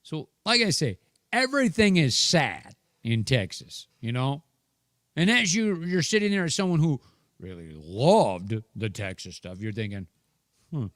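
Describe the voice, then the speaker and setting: Theatrical, slow-talking sports host. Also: male voice, medium pitch, very animated, a bit bright, dry recording, studio quality. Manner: theatrical, rambling, teasing, drawn-out asides. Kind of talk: live sports talk show.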